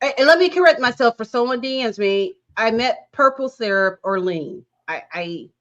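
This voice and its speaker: A woman's voice: a little high, animated, moderate pace, muffled recording. A woman co-hosting a casual podcast, giving blunt, wry reactions to a reality TV episode. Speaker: co-host. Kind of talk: casual reality TV recap chat.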